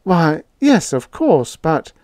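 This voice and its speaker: A man voicing a meddling, well-meaning elderly landlady in a high, flustered falsetto. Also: very animated, takes it slowly, a little mellow, dry recording, clean studio sound. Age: older.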